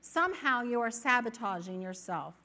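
A woman preaching to a church congregation in a bright, fairly high voice. She talks in a conversational, animated way and often slips into the voices of worried listeners. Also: normal speed. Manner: animated, acts out inner voices. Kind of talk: sermon.

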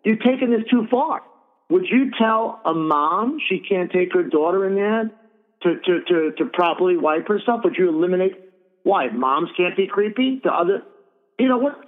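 Indignant and blunt, a middle-aged radio talk show host swears freely in a high, animated voice at a moderate pace. The sound is tinny, like a phone, with long reverb.

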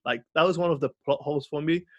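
A man co-hosting a podcast, chatting casually and rambling through an animated story with lots of fillers. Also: a little high, fast, no room sound. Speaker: podcast co-host. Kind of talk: casual film chat.

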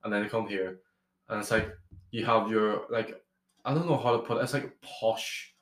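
A man's voice: fairly low pitch, fairly even intonation, moderate pace, fairly bright tone, roomy sound. A young man from Ireland, a podcast guest telling travel stories in a rambling, casual way with lots of restarts. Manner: rambling, with many restarts and swearing. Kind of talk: casual storytelling chat.

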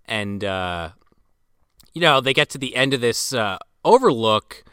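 Bright, crisp man recapping a film. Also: mid-range voice, expressive, a little slow, no room sound, clean studio sound. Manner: retells plot scenes, with filler words. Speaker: podcast co-host. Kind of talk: casual movie recap.

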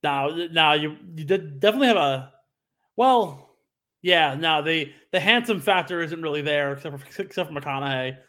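A man's voice: a little high, lively intonation, normal speed, sharp tone. Rambling young man on a podcast. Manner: rambling storyteller with many fillers and restarts. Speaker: podcast co-host. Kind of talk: casual chat.

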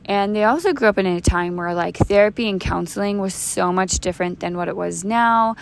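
A woman's voice: medium pitch, fairly quick, creaky. A woman in her thirties hosting a podcast, telling her own faith testimony in an earnest, conversational way, with frequent restarts and fillers. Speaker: podcast host.

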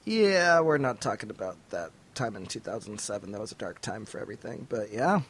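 A man's voice: lowish voice, expressive, a little fast, slight background noise. A man co-hosting a podcast, giving wry, laid-back commentary in casual chat. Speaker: podcast co-host.

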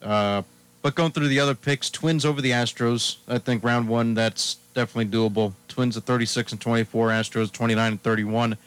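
A man's voice: mid-range voice, fairly even intonation, a little fast, clean tone. A man hosting a sports talk radio show, chatting casually and running through his picks one after another.

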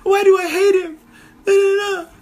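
A man voicing a whiny, lovestruck young princess in a squeaky falsetto. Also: little pitch movement, moderate pace, darkish tone.

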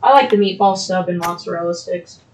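A young adult who co-hosts a podcast chats casually with friends while scrubbing a stain out of the carpet. The voice is medium in pitch and a little fast, and the audio quality is poor.

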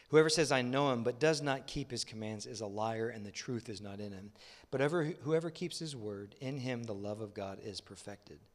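A man preaching a sermon, moving between quiet, conversational asides and loud, emotional pleading. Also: mid-range voice. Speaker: pastor. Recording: long hall reverb.

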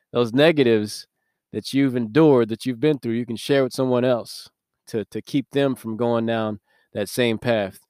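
Low, smooth-voiced man hosting a devotional podcast. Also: darkish tone, dry recording, clean studio sound. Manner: conversational and earnest, with light laughs. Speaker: podcast host.

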